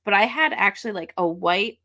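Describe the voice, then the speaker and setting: A woman's voice: medium pitch, animated, fairly quick, bright, forceful tone. A woman co-hosting a podcast in casual chat, reminiscing chattily and laughing often. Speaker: podcast co-host.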